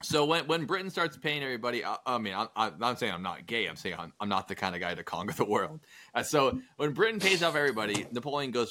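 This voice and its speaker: A man hosting a casual podcast, retelling history with crude jokes and quick acted-out asides. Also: mid-range voice, expressive, pushed and bright. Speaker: podcast host. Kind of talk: casual comedic history chat.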